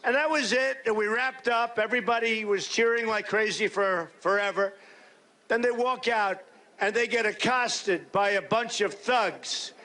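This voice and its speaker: A man giving a campaign rally speech as a political candidate, boastful and rambling, repeating himself in punchy short phrases that he often shouts. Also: sits high, measured pace. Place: large rally space.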